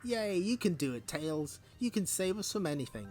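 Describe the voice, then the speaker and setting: A man doing a high, whiny little mouse. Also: very animated, slow pace, faint music behind, heavily acted. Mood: eager. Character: whiny small male mouse, clingy.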